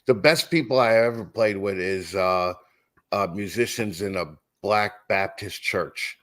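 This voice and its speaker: On a casual podcast, a middle-aged male musician guest speaks in a lowish, slightly slow, somewhat bright voice. His storytelling rambles, restarting frequently and slipping into acted-out quotes.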